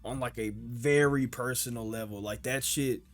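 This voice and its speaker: A man reacting to an anime episode in casual commentary. He is emotional and swears a lot, shouting at the screen and then stammering through quiet, halting thoughts. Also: mid-range voice, fairly even intonation. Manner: exclaims loudly at the screen, then rambles quietly.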